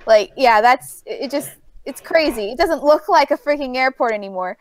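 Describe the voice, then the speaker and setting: A woman's voice: high-pitched, animated, normal speed. A woman with a New York accent, telling a story in a casual chat as co-host, rambling with lots of fillers.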